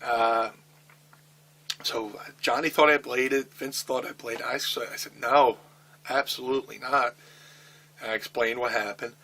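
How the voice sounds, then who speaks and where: Bright-voiced man swearing through a story. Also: medium pitch, a little slow, pauses often, a little hiss or hum. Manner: profane, animated storytelling with acted-out quotes. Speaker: wrestler telling a backstage story. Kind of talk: candid shoot interview storytelling.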